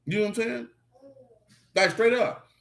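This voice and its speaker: Man, casual bible teacher, street slang, joking, animated, slightly high voice. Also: moderate pace, gravelly. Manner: animated preaching with rising outbursts.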